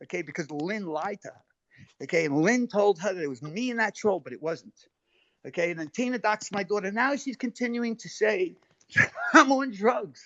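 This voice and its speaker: A man's voice: high-pitched, animated, normal speed, bright, forceful tone, dry recording. A man arguing heatedly on a live stream, defensive and swearing, cutting in over others. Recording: dull lo-fi stream audio.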